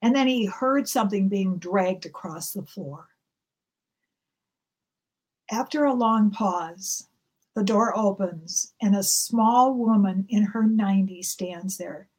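A woman pastor telling a heartfelt story in a gentle, storytelling manner from the pulpit. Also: mid-range voice, slow, breathy edge. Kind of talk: sermon storytelling.

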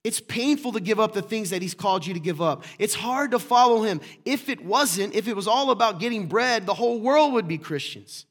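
High-voiced male pastor preaching. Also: lively intonation, a little fast, few pauses, a bit bright. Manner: conversational, rhetorical questions, joking asides to the congregation. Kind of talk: sermon. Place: church room with congregation.

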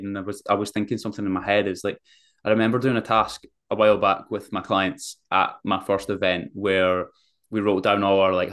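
A man's voice: fairly low pitch, fairly bright tone. A man hosting a podcast, chatting casually with his guest, laid-back and rambling as he builds up to his questions. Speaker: podcast host. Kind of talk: casual interview chat.

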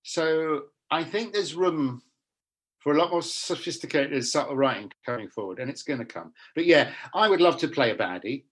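Husky middle-aged guy, actor chatting in an interview, blunt, voice bouncing all over. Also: on the high side, moderate pace. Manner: animated, blunt storyteller with frequent restarts. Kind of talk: casual interview chat.

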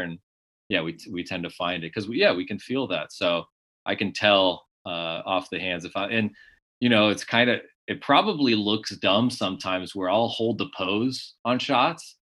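A young man, a blind golfer and podcast guest, talking candidly and joking as he tells lively stories. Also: on the low side, moderate pace. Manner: joking, animated storytelling.

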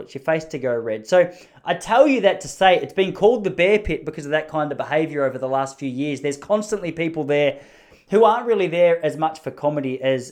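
A man's voice: mid-range voice, a little mellow. An Australian man hosting a podcast, telling meandering, self-mocking jokes in casual comedic chat. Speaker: podcast host.

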